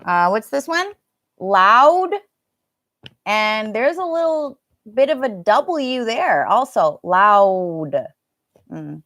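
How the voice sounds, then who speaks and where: A woman's voice: on the high side, very animated, unhurried, no echo, clean studio sound. A woman teaching a live online English pronunciation class, chatting casually and stretching out vowel sounds to demonstrate them.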